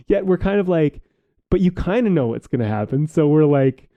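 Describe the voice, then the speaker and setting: A man's voice: a little high, expressive, normal speed, dry recording, lo-fi sound. Reflective, rambling podcast man. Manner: reflective, rambling, swears casually. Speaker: podcast co-host. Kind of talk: casual conversational podcast.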